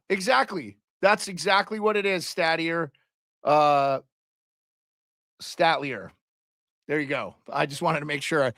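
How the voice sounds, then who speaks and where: A man's voice: on the high side, a bit bright, no echo, studio quality. A man hosting a casual live hockey stream, chatting loosely and calling out viewers and their locations. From Canada.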